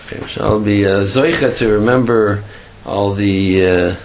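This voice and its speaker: A man, a rabbi, telling a story in a sermon, halting and often clearing his throat. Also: lowish voice, noisy background.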